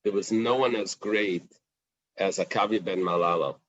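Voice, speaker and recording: Low-voiced man teaching Talmud. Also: normal speed, a bit bright, no echo, highs cut off. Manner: explains in plain English, mixing in Aramaic and Hebrew quotes, with fillers and restarts. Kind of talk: daf yomi Talmud class.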